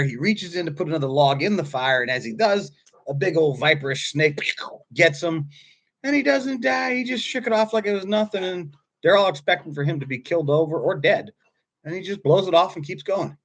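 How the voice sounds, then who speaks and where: A man in his fifties giving a casual sermon, telling stories in a husky voice that swings from quiet asides to loud bursts. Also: a little high. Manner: animated storytelling, swings from quiet to loud, laughs often. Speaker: pastor.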